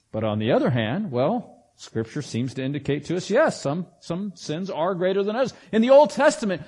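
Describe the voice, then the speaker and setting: A man with a high voice preaching a sermon in a chatty, conversational way. He keeps asking rhetorical questions and gives the scripture he reads a dramatic lift. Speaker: pastor.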